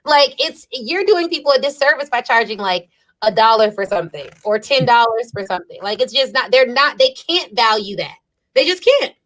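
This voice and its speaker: Bright, high-voiced woman host. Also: animated, normal speed, a little hiss or hum, poor audio. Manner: emphatic, coaching tone. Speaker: podcast host. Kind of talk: podcast interview.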